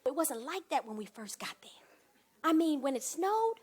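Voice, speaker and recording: A woman performing a comic one-woman stage monologue, animated, swinging from hushed asides to loud bursts. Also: high-pitched, moderate pace.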